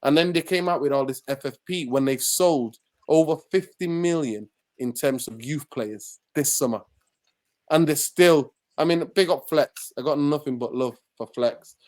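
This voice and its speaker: A man's voice: a little high, moderate pace, darkish tone. A man from Manchester, ranting passionately about football as a podcast guest. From Manchester, England. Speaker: podcast guest and channel host. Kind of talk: heated football podcast discussion.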